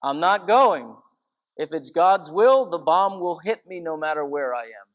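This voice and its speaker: A man voicing a calm, faithful elderly nun with a gentle, firm humor. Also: fairly high pitch, a little slow.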